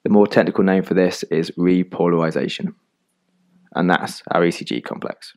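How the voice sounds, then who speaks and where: Guy with a real low voice, calm steady explainer narration, close mic. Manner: calm, measured explanatory delivery. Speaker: medical educator narrating an animated lesson. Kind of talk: scripted voice-over narration.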